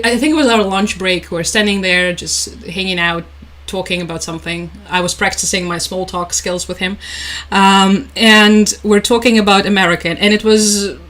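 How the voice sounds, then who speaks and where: A woman's voice: mid-range voice, a bit bright, low-quality recording. A young woman hosting a casual live stream, chatting, laughing often and reading out viewer comments. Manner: chatty, laughs often, reads chat aloud.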